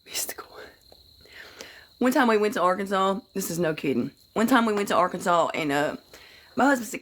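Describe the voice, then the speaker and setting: A woman's voice: mid-range voice, lively intonation, a little fast. A woman hosting a casual livestream who greets viewers by name, swears freely and tells rambling stories in a folksy way. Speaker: livestream host.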